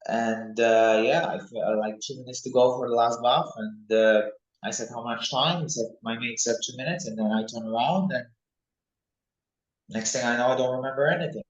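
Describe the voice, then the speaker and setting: A young man, a mixed martial arts fighter, talking casually and excitedly in an interview, rambling from one thought to the next. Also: mid-range voice, moderate pace, dull audio. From United Kingdom. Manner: rambling, excitable, animated when recalling fights. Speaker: MMA fighter, interview guest. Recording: echoey room.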